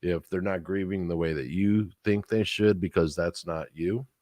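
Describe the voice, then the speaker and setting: A man's voice: low-pitched, moderate pace, no echo, clean studio sound. A man telling a long story in casual chat as a podcast co-host, swearing freely and acting out the other people's lines. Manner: profane, animated storyteller acting out quotes.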